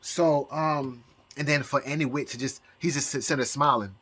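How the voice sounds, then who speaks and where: A man's voice: mid-range voice, fairly even intonation, normal speed, fairly bright tone. A man vlogging from home in a rambling casual monologue, stumbling over repeated words and restarting sentences. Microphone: camera mic, showing objects.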